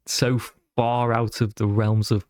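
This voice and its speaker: Male podcast guest, animated storyteller, dry close mic. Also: on the low side, unhurried, clean tone, no room sound. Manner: animated storyteller who slips into voices. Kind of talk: casual chat.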